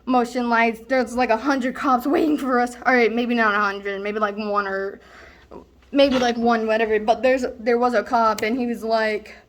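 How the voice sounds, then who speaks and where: At normal speed and with fairly even intonation, a young woman with a slightly high, natural voice delivers a self-recorded stage monologue. As a student actor, she plays a slacker who brags and rambles through a wild story with plenty of fillers.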